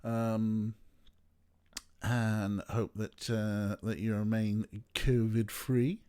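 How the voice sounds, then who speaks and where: A man's voice: on the low side, level tone, drawn-out words, a little mellow, smooth. A young man chatting casually while streaming a game, rambling with playful asides. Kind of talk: casual let's play chat.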